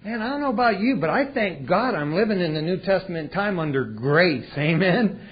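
A man preaching a sermon in a folksy way, swinging between loud and hushed delivery. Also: sits high, expressive, moderate pace, slightly rough. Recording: dull lo-fi recording.

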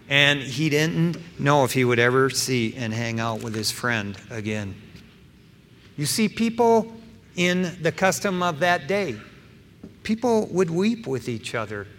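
A middle-aged man preaching a sermon as pastor, emphatic, swinging between loud stressed phrases and soft asides, with casual fillers like "you know" and "man". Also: fairly high pitch, lively intonation, unhurried. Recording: long hall reverb with faint background noise.

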